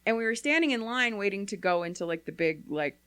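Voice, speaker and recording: A woman's voice: medium pitch, lively intonation, quick pace, a bit bright, clean tone, no echo. A woman co-host chatting casually, rambling through a story and acting out what people said. The mic is dry and close, with little room sound. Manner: rambling storyteller, acts out quotes, frequent "like". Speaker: podcast co-host. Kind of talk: casual chat.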